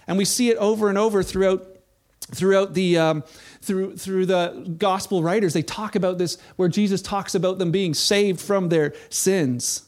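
A man preaching a sermon, telling the story in a casual, animated way and acting out the people in it. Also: high voice, normal speed. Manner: animated storytelling, acts out quoted voices. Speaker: pastor.

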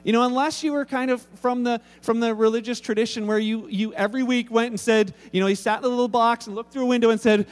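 Pastor preaching, casual and joking, very high voice, long hall reverb. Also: male voice, fairly quick, hardly any pauses. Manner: casual, humorous storytelling with many restarts. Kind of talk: sermon.

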